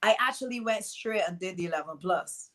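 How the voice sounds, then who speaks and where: A middle-aged woman from East London with a mixed Barbadian and London accent, telling her story as an interview guest, animated and acting out quotes. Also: mid-range voice, a little fast, crowd noise. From East London, England. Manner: animated, acts out quotes, many fillers.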